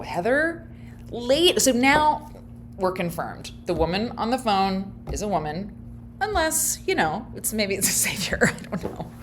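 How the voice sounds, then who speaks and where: A woman giving casual, wry commentary as she reacts to a video clip, laughing often and thinking out loud. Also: medium pitch, slight background noise.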